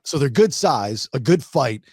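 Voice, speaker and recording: A middle-aged man hosting a podcast, telling a fishing story in a casual, animated way with many restarts. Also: medium pitch, measured pace, breathy edge, no room sound. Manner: animated, restarts a lot, acts out shark growls. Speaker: podcast host.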